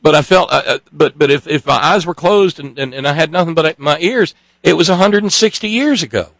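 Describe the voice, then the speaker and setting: Give me a man telling a story in a casual chat, halting and restarting, with a dry sound. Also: fairly high pitch, gravelly, fairly bright tone, no room sound, low-quality recording. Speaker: co-host.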